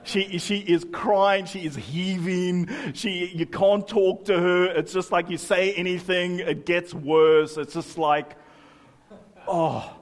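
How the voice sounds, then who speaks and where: A pastor delivers his sermon in a conversational, humorous way. His voice sits high for a man. It rings out with the long echo of a church hall. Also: steady tone, slow, few pauses. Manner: humorous, conversational preaching with many asides.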